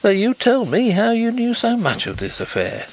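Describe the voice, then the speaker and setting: Man playing a sceptical gentleman investigator, raised voice, lively, emphatic. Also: high voice, moderate pace, faint music behind, voice pushed up, full character voice.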